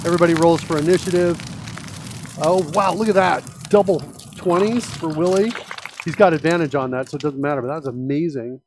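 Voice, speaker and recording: A man's voice: on the high side, a little fast, background noise. A middle-aged man hosting a live coding stream, talking casually and rambling with many fillers. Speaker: host.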